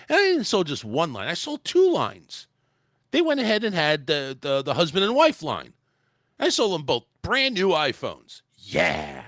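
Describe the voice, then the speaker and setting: An American man hosting a talk show rants angrily about his sales job, swearing heavily in a casual rant. His fairly high voice sounds pushed and bright, recorded at studio quality with no room sound.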